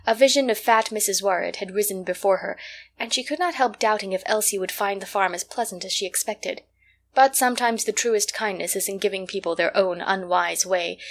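A woman narrating a classic novel in a measured, clear storytelling manner. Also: medium pitch. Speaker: reader.

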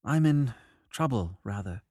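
A man voicing a pale, nervous young English gentleman who talks in a peevish, apologetic way. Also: medium pitch, expressive, unhurried, slightly rough, no room sound, clean studio sound.

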